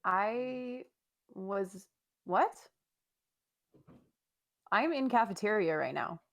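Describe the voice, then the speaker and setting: A woman with a Canadian accent, soft-spoken and apologetic in a casual gaming chat. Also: medium pitch, expressive, drawn-out words.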